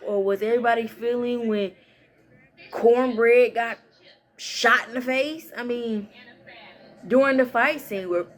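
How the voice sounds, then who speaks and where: A young woman with a slightly high voice talks through a movie in a loose, chatty vlog. She is animated and full of slang, and she keeps jumping into little impressions of the lines she quotes. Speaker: vlogger. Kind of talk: casual movie review chat.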